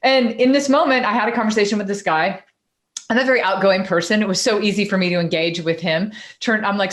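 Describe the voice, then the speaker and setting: A woman co-hosting a podcast, telling a personal story in a chatty, animated way. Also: medium pitch, quick pace. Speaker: podcast co-host and coach. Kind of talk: casual storytelling in conversation.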